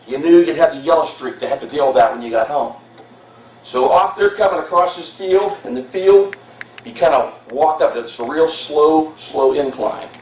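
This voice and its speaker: A man with a fairly high voice tells a battle story to an audience, passionate and dramatic, speeding up and slowing down as he goes. He is heard from a distance in an echoey hall. The recording sounds dull and lo-fi. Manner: impassioned storytelling, shifting pace. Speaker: history presenter. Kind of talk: dramatic history talk to an audience. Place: hall at a historical society event.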